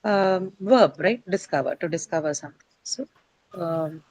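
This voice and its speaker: A woman's voice: on the low side, animated, normal speed, a little mellow, poor audio. A woman teaching English word stress to a class. She explains step by step, often says "uh", and asks her students questions.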